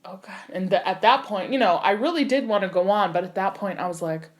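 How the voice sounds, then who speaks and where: A young woman, an actor and singer, telling an animated story in a casual interview, full of "like" and "you know". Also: medium pitch, fast talker.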